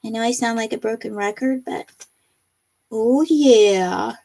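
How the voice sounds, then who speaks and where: A woman's voice: a little high, steady tone, fast, darkish tone. A woman hosting a live crafting stream from her home craft room, chatting and reading out viewer comments with frequent laughter. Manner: bubbly, laughs often.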